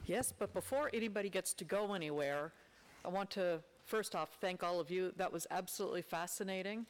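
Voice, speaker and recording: A woman's voice: fairly low pitch, brisk. A woman moderating a conference session, upbeat and gracious in her remarks. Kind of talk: hosting remarks. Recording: long hall reverb, faint noise.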